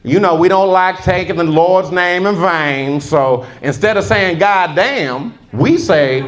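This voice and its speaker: A man voicing a polite older Southern man who explains things slowly and patiently. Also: high-pitched. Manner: slow, measured explaining.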